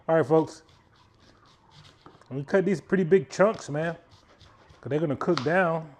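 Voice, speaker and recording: A man's voice: fairly high pitch, takes it slowly, darkish tone. Chatty man hosting a grilling video. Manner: chatty, joking asides to viewers. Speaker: cooking channel host. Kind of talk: casual cooking demonstration.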